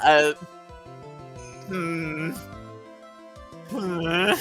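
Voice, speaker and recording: A woman's voice: low-pitched, steady tone, very slow, a bit bright, soft background music. A woman co-playing a game on stream, chatty and giggly. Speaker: co-player. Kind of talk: casual group chat over a game.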